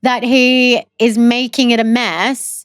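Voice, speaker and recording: A young woman co-hosting a podcast, chatting casually and quickly, laughing often. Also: a little high, flat delivery, clear, resonant tone, no echo, studio quality. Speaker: podcast co-host. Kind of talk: casual chat.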